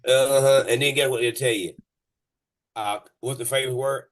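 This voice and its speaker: A man's voice: medium pitch, moderate pace. A man who runs a moving company tells a story on a casual podcast. He swears freely, stumbles over repeated words and laughs in the middle of it. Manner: animated, profane, laughs mid-story; many restarts and repeated words.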